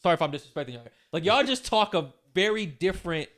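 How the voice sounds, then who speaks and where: A man hosting a podcast in casual chat, animated and heavy on "yo" and "like". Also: high voice, fast talker. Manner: animated, peppers speech with "yo" and "like". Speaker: podcast host.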